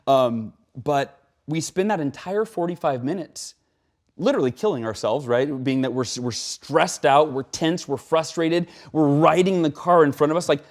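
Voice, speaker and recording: A man as a guest in an interview, speaking in an animated, conversational way, acting out quotes and often tagging his sentences with "right?". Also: normal speed. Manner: animated, acts out quotes with rising pitch; frequent "right?" tags.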